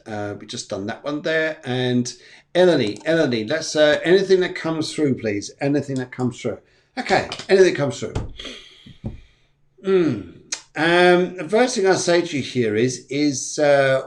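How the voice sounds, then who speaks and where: A man hosting a live stream of psychic readings, talking in a loose, rambling way. He repeats himself often and keeps a reassuring tone. His voice sits at an ordinary middle pitch. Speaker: psychic medium.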